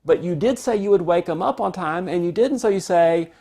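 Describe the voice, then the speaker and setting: A man teaching a parenting lesson, calmly explaining and acting out what parents and kids say. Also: high-pitched, a little fast. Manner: calm, explanatory, acts out parent and child quotes. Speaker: parenting instructor.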